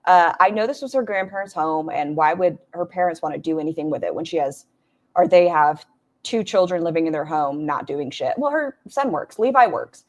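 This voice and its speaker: A woman's voice: low voice, lively intonation, fairly quick. A woman streamer giving casual reaction commentary, blunt and mocking, with frequent swearing. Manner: blunt, profane, mocking asides.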